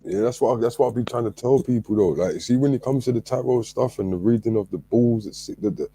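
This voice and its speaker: A man's voice: mid-range voice, fast talker, warm tone, breathy edge. A male host talking casually and addressing the audience directly. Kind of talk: casual chat.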